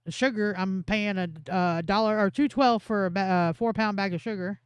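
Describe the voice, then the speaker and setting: Guy cohosting a stream, high smooth voice, folksy chuckly banter. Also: fairly even intonation, moderate pace, no echo. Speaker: livestream co-host. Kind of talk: casual livestream chat.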